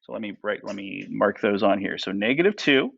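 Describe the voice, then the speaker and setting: A man's voice: fairly low pitch, expressive, fairly quick, gravelly, breathy edge, muffled recording. Man teaching a math class. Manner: asks the class many questions, says "right?" and "okay?" often. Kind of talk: classroom lecture.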